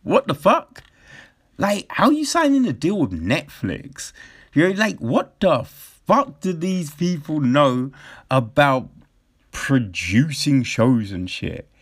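Young male host, rambling profane commentary, animated swings in pitch, unhurried delivery. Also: husky, no echo, studio quality. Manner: rambling, swears a lot, animated.

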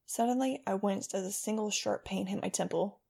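Gravelly-voiced woman narrating an audiobook. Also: mid-range voice, a little mellow. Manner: wry, brisk storytelling with voiced dialogue. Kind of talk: first-person audiobook narration.

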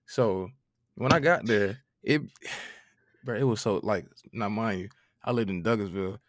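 Casting: young man, low voice, dry close sound, lively swearing storyteller. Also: measured pace, dry recording. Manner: animated, profane, laughing storytelling. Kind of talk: casual storytelling chat.

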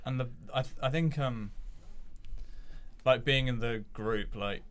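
A man's voice: mid-range voice, measured pace. A young man, a sketch comedy writer, chatting casually in an interview, rambling with lots of fillers.

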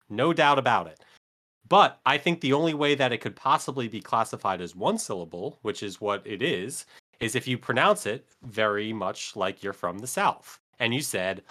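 A man co-hosting a podcast, making mock-formal announcements in a deadpan manner during casual chat. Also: medium pitch, normal speed. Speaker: podcast co-host.

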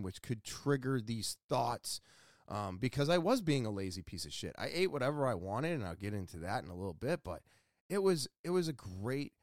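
A man's voice: on the low side, no echo, clean studio sound. A man hosting a casual solo podcast, talking candidly and swearing freely as he scolds himself, while nursing sore ribs from a torn muscle. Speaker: podcast host.

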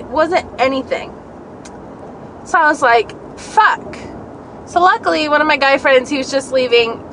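Young woman vlogger, high voice, swears a lot, rambling story told from a car with faint traffic behind. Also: poor audio. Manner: profane, rambling, animated storytelling. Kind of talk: casual storytelling while driving. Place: car on city streets.

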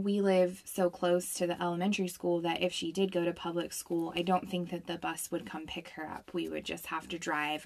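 A woman's voice: lowish voice, creaky. A woman in her thirties, a homeschooling mother, talking casually and reflectively to the camera, thinking aloud as she goes. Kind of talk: casual vlog talk.

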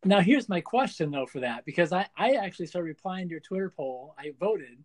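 Joking man, slightly high voice. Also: expressive, a little fast. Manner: jokey, sarcastic asides. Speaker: podcast co-host. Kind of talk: casual chat.

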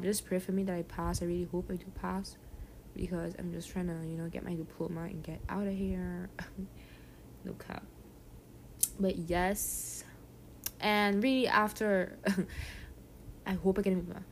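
A young woman from Saint Martin with a softened Caribbean accent, chatting casually and rambling on her solo podcast, laughing often and dropping slang. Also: fairly low pitch, slight background noise. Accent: Caribbean, softened toward a general English. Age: young adult. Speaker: podcast host.

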